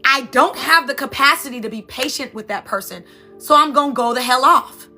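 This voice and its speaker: A woman coach talks straight to her viewers in an emphatic, repetitive, conversational way, checking in with a frequent "right?". Her voice is bright and sits a little high. Faint music plays behind her. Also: brisk. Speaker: NLP coach and sound healer. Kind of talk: motivational talk to viewers.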